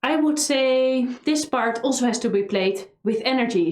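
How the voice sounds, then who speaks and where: A woman with a Dutch accent delivers an energetic violin lesson, singing melody lines on syllables at a normal pace in a slightly high voice. Faint violin music plays behind her in an echoey room.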